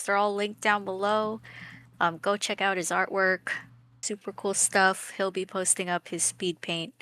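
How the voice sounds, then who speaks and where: A woman's voice: fairly low pitch, no echo. A woman co-hosting a live drawing stream, chatting and giggling casually. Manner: chatty, giggly, warm sign-off. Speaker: co-host of an art stream. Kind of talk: casual chat while drawing.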